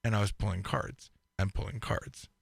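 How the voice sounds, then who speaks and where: A man co-hosting a podcast in casual chat, telling stories with lively delivery and acting out quoted lines. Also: on the low side, normal speed, creaky, no echo, clean studio sound. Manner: animated storyteller, acts out quoted lines. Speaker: podcast co-host.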